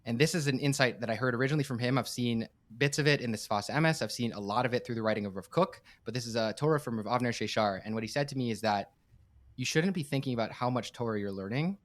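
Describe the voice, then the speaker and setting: An earnest man talks quickly, sharing a personal story as a podcast guest. His voice sits at an ordinary middle pitch. He speaks with heartfelt conviction and often restarts a phrase. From United States. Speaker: podcast guest, campus director and startup coach.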